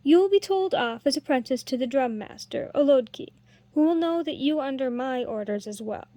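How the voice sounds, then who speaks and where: A wise older master harper, measured and kindly yet firm, as a woman reads him in a storybook. The voice sits high and the recording is dry and close. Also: animated, mellow, dry recording.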